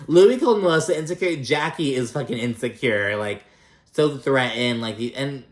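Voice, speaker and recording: A man talks through a reality show episode in a loose, gossipy way. He swears freely and drops into mock voices for the people he quotes. His pitch sits in the middle, and the room around him is noticeably echoey. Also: expressive, normal speed. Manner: chatty and profane, acts out quotes in mock voices. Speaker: reality TV recap host. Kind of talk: casual recap chat.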